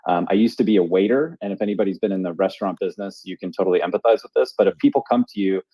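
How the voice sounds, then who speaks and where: A man's voice: low voice, racing, breathy edge, dry recording, lo-fi sound. A man co-hosting a casual podcast chat, rambling with fillers and restarts. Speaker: podcast co-host.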